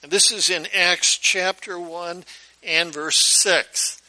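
A man's voice: high voice, steady tone, slow pace, sharp tone, poor audio. A male pastor preaching a sermon in a conversational storytelling way, often putting questions to his listeners.

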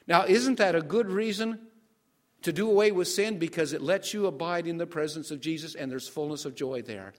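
Older male pastor, higher-pitched voice, sermon delivery, quizzes his listeners as he goes. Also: a little fast. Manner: asks the congregation questions and waits for answers.

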